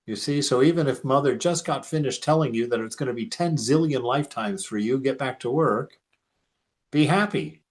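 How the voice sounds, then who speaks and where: A man's voice: mid-range voice, moderate pace. Man giving an emphatic spiritual talk. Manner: emphatic, repeats phrases, laughs often. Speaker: spiritual teacher.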